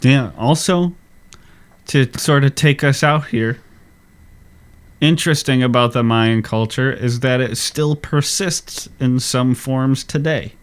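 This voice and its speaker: A man hosting a history podcast, explaining in a relaxed, casual way and wrapping up the show. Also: medium pitch, slow, clean tone. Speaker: podcast host.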